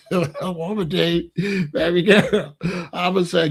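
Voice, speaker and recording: A man's voice: high-pitched, fairly even intonation, measured pace, creaky, long pauses, husky. A man talking casually and playfully in slang, giving loose, joking relationship advice straight to his listeners. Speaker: online talk host giving relationship advice.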